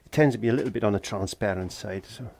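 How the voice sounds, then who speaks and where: Fast and gravelly, his lowish voice has a darkish tone, with slight background noise behind it. The Welsh man is a painting tutor working in a garden shed, giving a casual tutorial while he chats, jokes and talks to himself.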